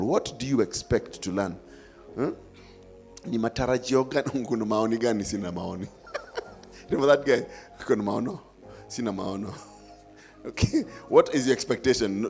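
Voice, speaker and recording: A man's voice: mid-range voice, darkish tone. Upbeat Kenyan man hosting live. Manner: upbeat, coaxing, playful. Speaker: event host. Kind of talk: live audience engagement.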